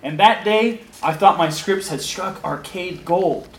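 A man's voice: high voice, unhurried, a bit bright, roomy sound, a little hiss or hum. A young man narrating his own story in a comic audio drama, sardonic and crude, often chuckling. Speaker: narrator and lead actor.

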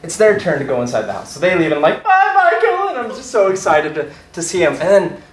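Animated young man telling a story. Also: fairly high pitch, fast, echoey room, a little hiss or hum, poor audio. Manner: animated, laughs through his own story. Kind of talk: personal anecdote told to an audience.

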